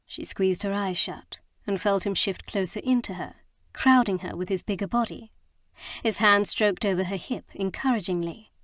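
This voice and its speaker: A woman narrating a romance audiobook in a calm, even storytelling manner. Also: medium pitch, normal speed, no room sound, studio quality.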